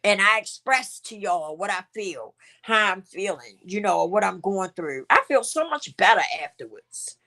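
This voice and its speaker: Bright-voiced emotional woman talking candidly. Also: medium pitch, lively intonation, normal speed, hardly any pauses. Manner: emotional, candid, repeats phrases for emphasis. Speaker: channel host. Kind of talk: heartfelt personal vlog talk.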